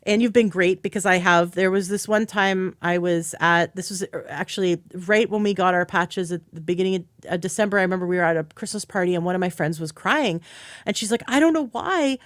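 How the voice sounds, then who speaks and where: Chatty, enthusiastic woman with a lowish voice. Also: steady tone, fairly quick, no room sound, studio quality. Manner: enthusiastic, chatty, acts out quoted speech. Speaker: podcast host and health coach. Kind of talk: casual interview chat.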